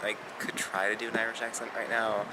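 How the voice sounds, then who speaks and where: A man's voice: fairly low pitch, completely flat delivery, fairly quick. A young American man chatting casually in a travel vlog, rambling and laughing often into a handheld camera. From United States. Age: young adult. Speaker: vlogger. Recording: loud background noise.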